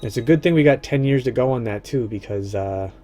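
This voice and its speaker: Mellow-voiced man muttering through a game. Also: a little fast, soft background music. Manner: muttering to himself, trailing off low. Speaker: streamer playing a strategy game. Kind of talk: casual thinking aloud while gaming.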